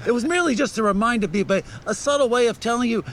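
An actor playing a fussy, defensive driver who stammers while excusing himself, with faint street noise behind. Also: male voice, very high-pitched, very fast, fairly bright tone. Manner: flustered, stammering.

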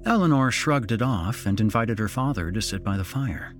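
A man narrating a suspense story aloud in an expressive reading voice. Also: on the low side, normal speed, few pauses, soft background music.

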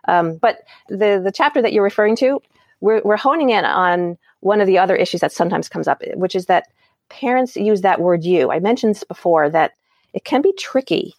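A woman's voice: medium pitch, brisk, a little mellow, no room sound. A woman parent educator as an interview guest, explaining ideas and acting out example phrases with light laughs.

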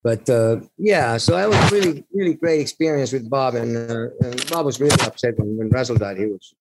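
A man, a musician guest, telling stories in an interview with a halting, rambling delivery full of restarts and laughs. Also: medium pitch, heavy background noise. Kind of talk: storytelling in an interview.

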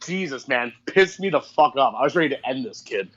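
A man in his thirties co-hosting a podcast, telling profane, animated stories in casual chat and mimicking people as he goes. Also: mid-range voice, fairly quick, highs cut off. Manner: profane, animated storytelling with mock voices. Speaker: podcast co-host.

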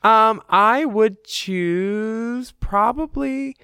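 Playful man with a smooth voice. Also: sits high, very slow, pushed and bright, dry recording, studio quality. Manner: playful, joking. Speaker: podcast co-host. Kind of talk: casual chat, reading listener letters.

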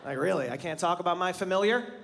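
A man's voice: high-pitched, fast. A man in his thirties doing a stand-up set before a live audience, sarcastic and teasing the crowd. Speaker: stand-up comedian. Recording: live show with clear crowd noise.

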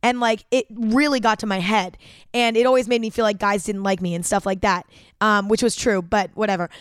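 A young woman hosts a podcast, rambling through a personal story with plenty of fillers and casual swearing. Her voice is smooth and clear at a middle pitch. It is recorded close and dry on a studio mic. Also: steady tone, fairly quick, no room sound. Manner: chatty, filler-heavy, swears often. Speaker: podcast host.

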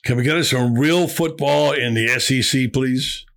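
A man hosting a sports talk show, bantering with a gruff, exasperated, wisecracking manner. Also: mid-range voice, moderate pace, a bit bright. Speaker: sports radio host.

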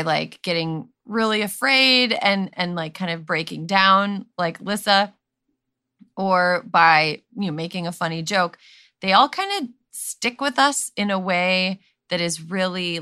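Bright-voiced woman podcast host. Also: on the low side, clean tone. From Wisconsin. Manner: easy, laughing, loose with fillers. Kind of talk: casual podcast chat.

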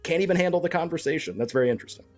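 A man co-hosting a sports betting podcast, arguing his point in a quick, animated way and often cutting himself off mid-sentence. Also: fairly high pitch, soft background music. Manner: argumentative, animated, self-interrupting. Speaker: podcast co-host. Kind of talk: casual sports betting chat.

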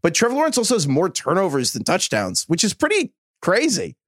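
A man co-hosting a podcast, chatting casually and rambling with quick asides. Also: high voice, wildly swooping pitch, a bit bright, no echo, studio quality. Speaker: podcast co-host. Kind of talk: casual sports chat.

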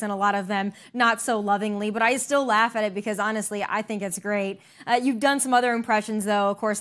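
A woman's voice: medium pitch, a bit bright. A woman hosting a political talk show, with an upbeat, punchy delivery. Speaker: host.

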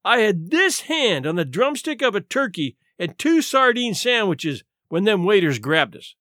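A man doing a big, starving former police captain in a storybook, growling and huffing his complaints loud and gruff. His pitch leaps high and low as he blusters, and the sound is close and dry with no room around it. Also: very animated, unhurried, no echo, full character voice. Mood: grumbling. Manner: growling, grumbling, loud and huffy. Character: hungry blustering stout ex-police captain, male, middle-aged.

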